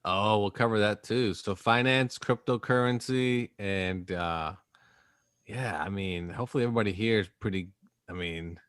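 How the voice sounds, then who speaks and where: A man's voice: on the low side, normal speed, a bit bright, clear, resonant tone, no echo, clean studio sound. A man hosting a podcast, chatting casually and joking as he wraps up the show. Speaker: podcast host. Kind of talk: casual chat.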